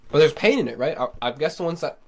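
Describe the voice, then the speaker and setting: A man's voice: on the high side, lively intonation, quick pace, vocal fry, background noise. Man rambling casually in his studio. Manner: loose, rambling, swears freely, lots of "like". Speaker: singer-songwriter vlogger. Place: home recording studio.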